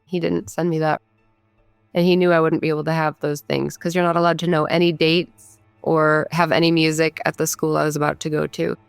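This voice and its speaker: Woman in her thirties, low voice, very smooth and clear, candid storytelling, dry close sound. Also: little pitch movement, brisk, no room sound, faint music behind. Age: 30s. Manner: candid, conversational, frequent "like" fillers. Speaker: guest recounting her own story. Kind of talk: personal storytelling.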